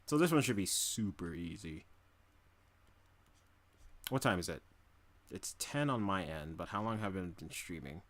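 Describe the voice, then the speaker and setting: A man's voice: deep voice, lively intonation, measured pace, long pauses, a bit bright. A young man from New York City chatting casually during a live drawing stream, rambling and humming to himself between remarks.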